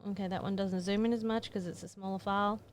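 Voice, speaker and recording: A woman photographer rattles through an editing tutorial at a quick pace, chatting and thinking aloud as she works. Her mid-range voice keeps fairly even intonation, and there's a little hiss or hum.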